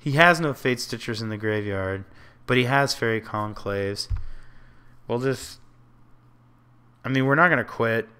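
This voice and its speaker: This man's mid-range voice is pushed, bright, and clean, a little slow and broken by frequent pauses. Commenting on his own online card game, he weighs plays aloud, criticizes his own mistakes, and alternates between frustrated muttering and outbursts.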